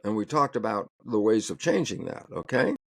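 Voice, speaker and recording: Emphatic, animated man, dry close sound. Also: fairly low pitch, normal speed, creaky, no room sound. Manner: emphatic, acts out both sides of dialogues. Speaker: interview guest, biologist and author. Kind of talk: animated conversational interview talk.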